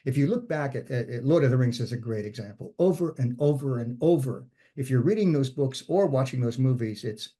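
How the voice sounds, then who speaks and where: A man with a mellow, dark-toned voice leads a relaxed writing workshop. He talks in a conversational way, thinking aloud and circling back as he explains screenwriting ideas. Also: medium pitch, breathy edge. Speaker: screenwriting instructor. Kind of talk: informal writing workshop talk.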